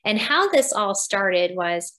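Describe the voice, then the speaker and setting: Animated woman in her fifties. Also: medium pitch, takes it slowly. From United States. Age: 50s. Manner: animated, laughs often, acts out quoted dialogue. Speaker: podcast guest. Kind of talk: casual interview storytelling.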